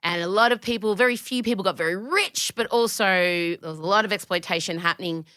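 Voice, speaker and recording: An Australian woman hosting a podcast, chatting in an animated, opinionated way, swearing freely and jumping between tangents. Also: mid-range voice, a little fast, dry recording, clean studio sound. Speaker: podcast host; comedian. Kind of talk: casual podcast chat.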